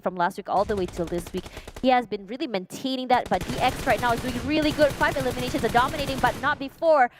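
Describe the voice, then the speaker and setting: A woman giving live play-by-play commentary on an esports match, brisk and animated, with sharp excited exclamations. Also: a little high, background noise. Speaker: esports caster.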